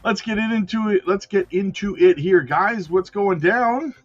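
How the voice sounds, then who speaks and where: A man's voice: high-pitched, slow, husky, muffled recording, soft background music. Hyped slangy man hosting a crypto stream. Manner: hyped, slangy, shouting out viewers by name. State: out of breath. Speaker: crypto livestream host. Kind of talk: casual live-stream chat.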